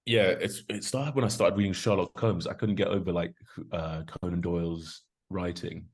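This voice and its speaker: Deep-voiced man, chatty podcast guest. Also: fairly even intonation, normal speed. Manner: enthusiastic, rambling with fillers. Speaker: guest, rugby prop forward. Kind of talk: casual podcast chat.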